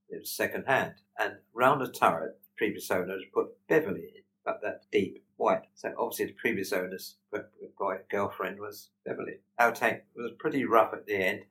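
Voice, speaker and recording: A man's voice: on the low side, a bit bright, low-quality recording. An older British war veteran, a man telling plain-spoken anecdotes and acting out the dialogue he quotes. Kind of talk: anecdotal storytelling.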